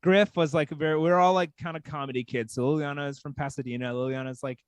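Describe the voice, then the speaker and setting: A man from small-town Texas telling a casual story as a podcast guest, animated and full of "like". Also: a little high, quick pace, smooth, dry recording. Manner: animated, heavy use of "like".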